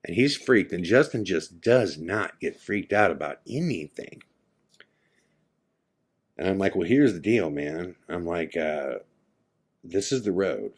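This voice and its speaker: A man hosting a podcast, telling a personal story casually and acting out his friends' lines in quoted dialogue. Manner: drops to a hushed, low tone for the eerie parts. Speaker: podcast host.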